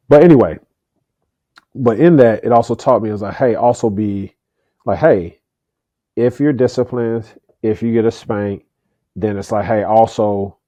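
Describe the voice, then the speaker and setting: A middle-aged man talks earnestly as a podcast guest, often repeating a word before his thought comes out. His voice is low-pitched and warm. It is recorded dry and close. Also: dry recording. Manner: earnest, repeats words when starting a thought. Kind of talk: candid conversational interview.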